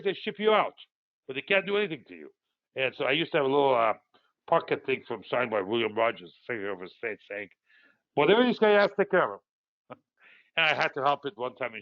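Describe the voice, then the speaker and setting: A man's voice: mid-range voice, gravelly, lo-fi sound. A man in his sixties from Iran, host of a market commentary, talks casually and rambles through stories with many fillers. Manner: rambling, digressive storytelling with frequent fillers.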